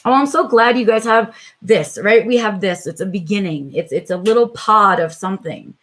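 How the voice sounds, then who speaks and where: A woman's voice: medium pitch, moderate pace, fairly bright tone. A middle-aged woman hosting a live stream, talking reflectively and hesitantly with viewers, with lots of filler words. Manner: reflective, hesitant, many "um"s and "right?"s. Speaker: vlog host on a live stream.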